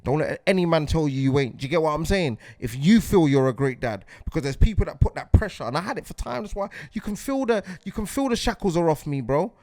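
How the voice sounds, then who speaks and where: A man's voice: fairly high pitch, animated, quick pace, few pauses, darkish tone, no echo. A man, delivering a heated podcast monologue as host, repeating himself and asking if you get what he's saying.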